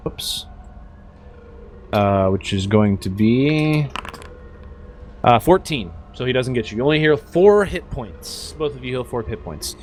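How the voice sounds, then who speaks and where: A man's voice: mid-range voice, a little slow, pauses often, slight background noise. Game master man with many ums. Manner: relaxed, with many fillers. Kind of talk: narrating a tabletop game.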